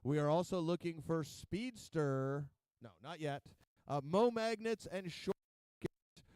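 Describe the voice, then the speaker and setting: Guy calling robot fights on the mic, high pitched, crisp dry sound, counts em down. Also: animated, measured pace, no room sound. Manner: counts down loudly, calls hits. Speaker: robot combat announcer. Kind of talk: live arena commentary.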